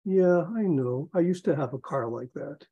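A man's voice: on the high side, expressive, moderate pace, dark tone, slightly rough, no room sound, muffled recording. A man doing a wry Israeli landowner. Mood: deadpan.

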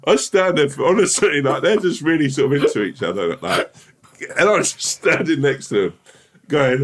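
A man's voice: a little high, lively intonation, moderate pace, a bit bright. A man co-hosting a podcast, telling a rambling, self-deprecating story in casual chat and laughing through it. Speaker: podcast co-host.

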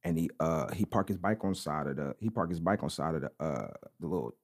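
Fast, animated man telling a story. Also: a bass voice. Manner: slangy, animated anecdote telling with repeated "bro". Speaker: podcast co-host. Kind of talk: casual storytelling chat.

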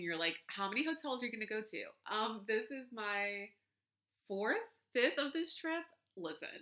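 A woman's voice: mid-range voice, pushed and bright. A young woman, hosting a casual solo podcast from a hotel room, bubbly and chatty, laughing often. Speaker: podcast host. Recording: roomy echo from hotel room.

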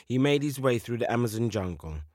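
A man telling a children's folk tale with slow, dramatic repetitions. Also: mid-range voice, animated, darkish tone, dry recording, studio quality. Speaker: storyteller. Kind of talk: children's story narration.

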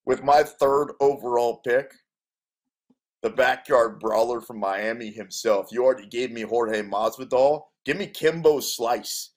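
A man's voice: mid-range voice, measured pace. Hyped-up male sports radio host. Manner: emphatic, hyped-up, sells each pick. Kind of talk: casual sports radio banter.

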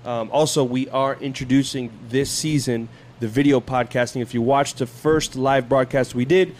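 Jokey podcast host; man, mid pitch, faint hum behind. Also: fairly even intonation, moderate pace, a little mellow. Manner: joking, laughs often. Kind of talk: casual chat.

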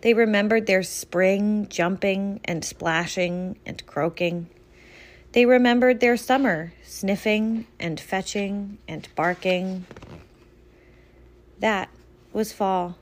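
A woman reading a picture book aloud to a child in a gentle, measured way. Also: medium pitch. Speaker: reader to a child. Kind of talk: storybook read-aloud.

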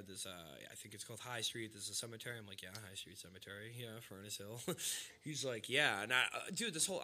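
Bright-voiced man telling a rambling story. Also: medium pitch. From Massachusetts, US. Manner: rambling, profane, fillers like "like" and "dude". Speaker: podcast host. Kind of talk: casual storytelling chat.

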